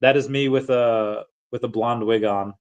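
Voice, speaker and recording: A man on a casual livestream rambles through answers to chat, often cutting himself off mid-thought and chuckling. His voice sits at an ordinary middle pitch, and the stream audio sounds slightly dull and lo-fi. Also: fairly even intonation, normal speed. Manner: rambling, self-interrupting, chuckling.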